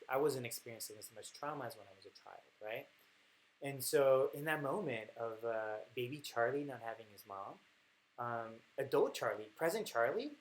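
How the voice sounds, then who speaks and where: Candid halting man, faint hiss. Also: mid-range voice, low-quality recording. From France. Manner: candid, halting, with many fillers and restarts. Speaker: host. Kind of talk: personal reflective monologue.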